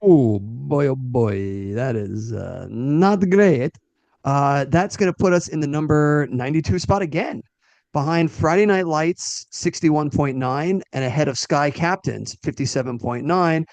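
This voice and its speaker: Gravelly, wry podcast co-host man. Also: fairly high pitch, a little slow, a little mellow, no echo. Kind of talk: casual chat.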